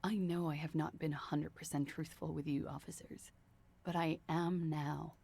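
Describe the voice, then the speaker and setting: A weary, evasive young woman under questioning talks in a low voice with a creaky edge. She sounds guarded and tired, pleading her case in a video game. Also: fairly even intonation, moderate pace, dark tone, heavily acted. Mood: questioned.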